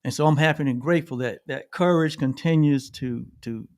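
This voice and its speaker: This studio-quality, echo-free recording features a middle-aged man with a slightly high voice talking a little fast. As a livestream co-host, he reflects earnestly on gratitude, frequently repeats phrases, and finishes with "right?".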